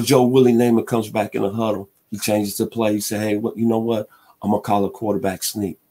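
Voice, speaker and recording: Animated male sports radio storyteller. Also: lowish voice. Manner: animated storyteller who chants crowd cheers and hums band tunes. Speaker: sports talk radio host. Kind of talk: dramatic retelling of a football game.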